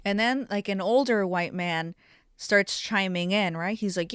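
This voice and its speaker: Young woman, solo podcast host; chatty and foul-mouthed, mid-pitch, dry sound. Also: measured pace, a bit bright, clear, resonant tone, no echo. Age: young adult. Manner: chatty, profane, self-mocking. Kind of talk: casual solo podcast chat.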